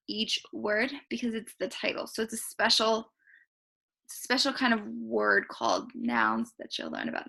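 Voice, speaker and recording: A kindergarten teacher, a young woman talking slowly and sing-song to small children through a writing lesson. Her voice sits a little high and bright, with a gravelly fry running under it.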